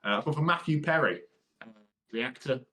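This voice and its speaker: A young man co-hosting a casual podcast, relaxed and easygoing, bantering with laughs. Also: mid-range voice, brisk. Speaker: podcast co-host. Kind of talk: casual chat.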